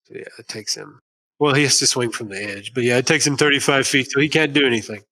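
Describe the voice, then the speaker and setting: A man's voice: medium pitch, fast, bright, forceful tone. A man running a tabletop game as game master, explaining rules with fillers and humming to himself between turns.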